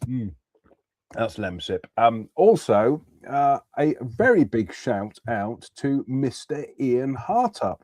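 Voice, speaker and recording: A man's voice: mid-range voice, sing-song, slow, a little mellow, dry recording. A man hosting a casual livestream chat, chatty and jokey, with a cold. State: has a cold. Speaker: host.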